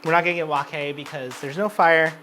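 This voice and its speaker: A tipsy man chats his way through a home cooking show, cracking jokes and swearing freely as he goes. Soft music and the sizzle of a frying pan sit faintly behind him. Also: on the high side, fairly even intonation, brisk. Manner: rambling, joking and swearing freely. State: drunk. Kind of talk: casual cooking chat. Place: home kitchen.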